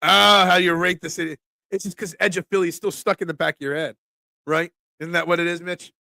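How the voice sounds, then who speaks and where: Philly-accented man, gravelly voice. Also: sits high, little pitch movement, fairly quick, pushed and bright, no room sound. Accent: Philadelphia. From Philadelphia. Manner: chatty, joking with chat, frequent ums. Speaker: sports talk show host. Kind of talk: casual live-stream sports talk, reading chat.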